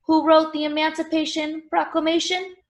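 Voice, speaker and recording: A woman voicing a loud, eager Northern male political organizer who rallies a crowd with speeches. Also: extremely high pitch, monotone, moderate pace, echoey room, voice pushed up. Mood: rallying. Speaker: party organizer.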